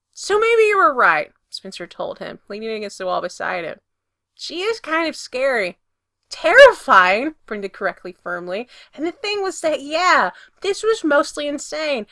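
A woman reading a story aloud with lively, expressive narration that swells when the scene gets exciting. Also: fairly high pitch, no room sound, clean studio sound. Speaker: reader.

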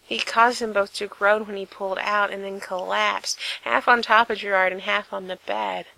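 Woman narrator, bright tone, slow intimate read-aloud of a romance story. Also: medium pitch, steady tone, vocal fry, rough recording. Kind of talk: reading fan fiction aloud.

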